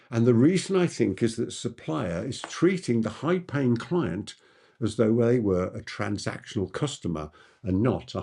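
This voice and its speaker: A man's voice: on the low side, gravelly, a little mellow, breathy edge. A man who is a business coach, answering audience questions in an emphatic masterclass talk and repeating key points for effect.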